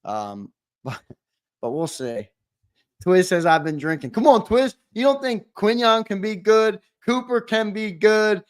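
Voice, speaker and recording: A man's voice: high voice, lively intonation, unhurried. A man co-hosting a sports talk show, easygoing and hopeful, talking as a fan.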